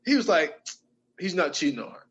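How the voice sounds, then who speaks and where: A man's voice: on the high side, very animated, a little fast, fairly bright tone, dull audio. A man on a podcast, animatedly retelling movie scenes in casual chat and laughing often. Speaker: podcast co-host.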